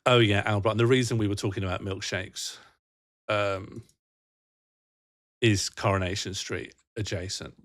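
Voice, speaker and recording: A man's voice: lowish voice, fairly even intonation, moderate pace, pauses often, fairly bright tone. A young man chatting on a livestream, reading out chat messages and laughing often in a rambling, playful way. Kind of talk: casual live-stream chat.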